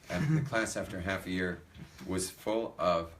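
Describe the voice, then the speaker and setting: A man's voice: low voice, a little slow. A rabbi telling funny anecdotes to an audience, acting out the dialogue as he goes. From United States. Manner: animated anecdotal storytelling, acts out dialogue. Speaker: rabbi giving a talk. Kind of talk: storytelling talk to a live audience.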